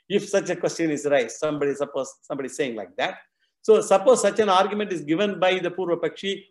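Male scripture teacher with a fairly high voice, who lectures step by step and poses and then answers his own questions.

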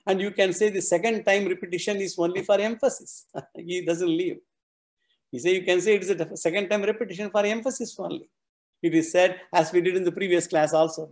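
A man gives a scripture class. He explains patiently and says key phrases again and again so the students follow. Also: high-pitched. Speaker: teacher of scripture.

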